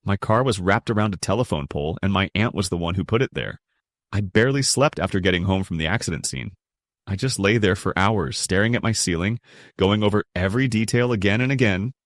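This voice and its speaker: A man's voice: on the low side, fairly quick, no room sound, studio quality. A young adult man narrating a first-person family story in a blunt, resentful tone.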